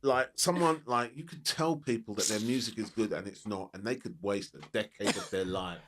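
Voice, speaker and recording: A man's voice: on the low side, normal speed, fairly bright tone. A man hosting a podcast interview, mostly giving short agreeing replies and offering his own thoughts now and then. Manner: supportive, gives short agreeing backchannels. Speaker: podcast host. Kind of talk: interview conversation.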